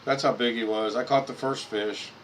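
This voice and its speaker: Hosting a casual live stream, a man rambles and repeats words while clicking through photos at his computer. His medium-pitched voice is fairly bright, with fairly even intonation and a moderate pace. The recording is low quality, with a little hiss or hum.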